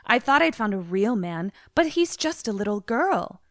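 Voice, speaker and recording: Give me a woman playing a coldly affected, breathy seductress. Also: mid-range voice, very animated, normal speed, no room sound, clean studio sound, lightly acted.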